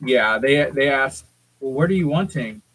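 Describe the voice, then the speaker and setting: A man's voice: medium pitch, expressive, moderate pace, a bit bright, husky, dry recording, poor audio. A man hosting a morning radio show, chatting and joking easily in the studio. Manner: easygoing, joking. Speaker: radio host. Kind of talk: casual studio banter.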